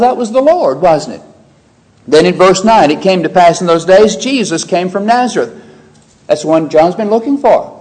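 A man's voice: high voice, a little mellow, rough recording. A man preaching a verse-by-verse sermon, raising his voice when he quotes scripture and asking the listeners questions. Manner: emphatic, rising sharply when quoting scripture; explains verse by verse with rhetorical questions. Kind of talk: expository sermon.

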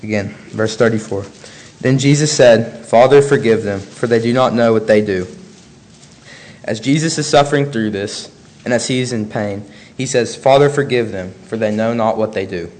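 A man preaching a sermon, reading scripture aloud in a measured, earnest way between his own remarks. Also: lowish voice, a little mellow, a little hiss or hum.

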